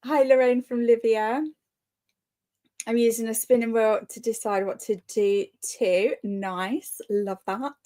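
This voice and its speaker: A woman's voice: a little high, steady tone, slow, dark tone. A woman hosting a live reading sprint, chatting casually and greeting commenters by name, often laughing. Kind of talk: casual live-stream chat.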